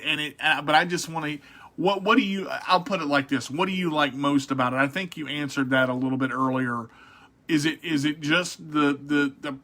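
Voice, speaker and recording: A man's voice: a little high, bright, forceful tone. A man hosting a casual radio interview, rambling with frequent restarts and repeated words. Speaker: radio show host.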